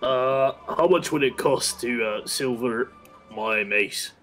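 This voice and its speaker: A man's voice: medium pitch, measured pace, faint music behind. A man playing a tabletop game, talking hesitantly, with many fillers and friendly asides. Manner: hesitant, full of fillers, says mate. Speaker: player. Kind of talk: casual tabletop roleplay.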